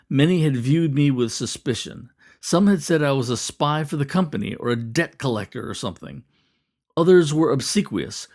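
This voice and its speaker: A man reading his own novel aloud as first-person audiobook narration, measured and steady. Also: medium pitch. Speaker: author reading own book.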